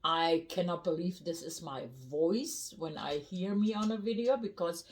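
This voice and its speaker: An older woman with a German accent chats to camera about her life. She speaks slowly and bluntly, with plenty of fillers. Her voice sits a little low. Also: a little hiss or hum. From North Rhine-Westphalia, Germany. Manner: blunt, chatty, rambling with fillers. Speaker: cooking vlogger. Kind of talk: casual storytelling to camera.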